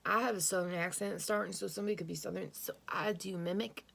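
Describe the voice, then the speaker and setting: Tarot reader, woman, low and gravelly, earnest, speaks straight to the listener. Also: steady tone, fast talker, fairly bright tone. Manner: earnest, repeats phrases, addresses listener directly; thinks aloud, corrects her own words. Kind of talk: intuitive tarot reading to listeners.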